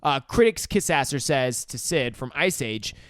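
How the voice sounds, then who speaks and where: A man's voice: mid-range voice, very animated, moderate pace, a bit bright, clear, resonant tone, no echo, studio quality. A young man co-hosting a podcast, walking through a movie's plot beat by beat with swearing and quoted lines. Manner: narrates plot beats, swears, laughs, quotes characters. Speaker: podcast co-host. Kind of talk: casual movie recap chat.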